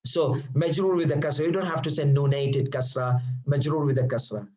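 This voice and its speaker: Guru pria beraksen Asia Selatan, suara agak tinggi. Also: male voice, a little high, steady tone, fairly quick, warm tone, muffled recording. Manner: drills students with questions and answers himself; repeats terms patiently, many fillers. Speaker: Arabic grammar teacher. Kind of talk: classroom lecture.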